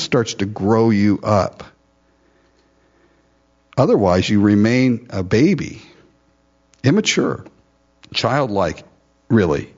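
A man's voice: medium pitch, darkish tone, dull audio. A man preaching a sermon as pastor, teaching verse by verse, laughing often and acting out the Bible figures with sarcasm.

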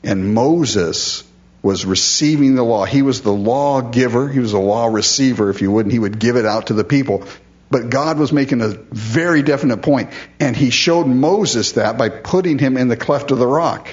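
Guy preaching a sermon, middle voice, gets emphatic, kinda muffled recording. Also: moderate pace. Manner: emphatic, rises in pitch on key words; addresses listeners directly as "folks". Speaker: pastor.

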